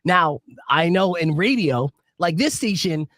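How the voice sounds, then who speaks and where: Brash male morning-show host from New Jersey, expressive delivery, dry booth mic. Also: a little high, unhurried, dry recording. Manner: animated, brash, swears casually. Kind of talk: casual radio and podcast chat.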